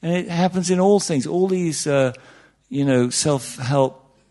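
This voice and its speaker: A man's voice: on the high side, unhurried, warm tone. A man giving an informal, humorous talk on meditation to an audience, full of asides and "you know"s, his voice jumping up for emphasis. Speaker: meditation teacher.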